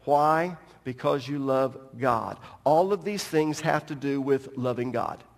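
A man's voice: mid-range voice, measured pace, gravelly, long reverb tail. A pastor preaching a sermon from the pulpit, teaching emphatically and speaking straight to his congregation. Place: church sanctuary at the pulpit.

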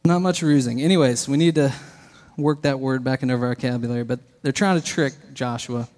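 Male pastor, mid-pitched, easygoing and good-humored, sermon in a reverberant hall. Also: a little fast, a little mellow. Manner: casual, good-humored teaching. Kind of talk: sermon with scripture reading.

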